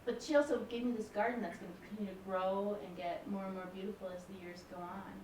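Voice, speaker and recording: A woman's voice: medium pitch, fairly even intonation, quick pace, a little mellow, a little hiss or hum. A woman in her forties, a music professor, giving a candid, personal public lecture. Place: lecture hall. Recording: roomy hall, mic from a distance.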